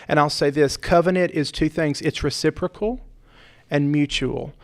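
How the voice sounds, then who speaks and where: A man's voice: a little high, steady tone, moderate pace. A middle-aged man, a pastor and podcast host, talking earnestly in a heartfelt conversation and repeating points with preacherly emphasis.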